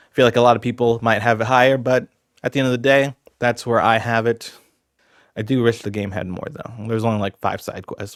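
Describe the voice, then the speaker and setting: A man with a fairly low voice casually runs through his ranking of video games, rambling with plenty of asides and fillers like "you know." It's chatty commentary recorded in clean studio sound with no echo.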